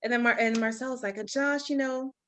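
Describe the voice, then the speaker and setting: A woman's voice: high-pitched, steady tone, a little fast, fairly bright tone, a little hiss or hum. A woman co-hosting a casual recap podcast, telling the story with lots of "like" and "you know" and laughing often. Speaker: podcast co-host.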